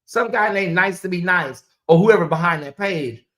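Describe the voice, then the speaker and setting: A woman with a fairly low, slightly bright voice speaks at a moderate pace. She's hosting a casual livestream, rambling loosely, repeating phrases, and addressing her chat directly.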